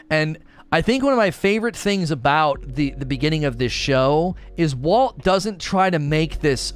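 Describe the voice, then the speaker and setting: A man giving a casual spoken review who talks with many fillers and restarts and rises in pitch when he gets excited. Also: moderate pace, clear, resonant tone. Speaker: show reviewer.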